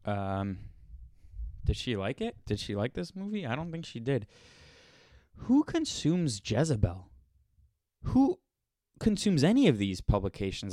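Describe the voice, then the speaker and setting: Incredulous and sarcastic, a man hosting a podcast rants his way through a reaction to a clip. His voice is fairly low and a little mellow, captured in clean studio sound without any room tone.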